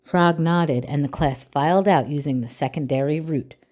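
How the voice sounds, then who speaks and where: A woman reading a children's picture book aloud with clear, expressive storytelling. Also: deep voice, normal speed.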